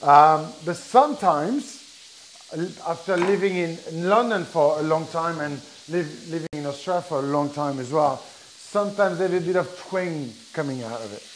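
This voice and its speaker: A man's voice: a little high, moderate pace, slight background noise, low-quality recording. A middle-aged man with a French accent, a chef giving a chatty live cooking demo and explaining step by step with many restarts. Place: kitchen with food sizzling. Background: frying sizzle.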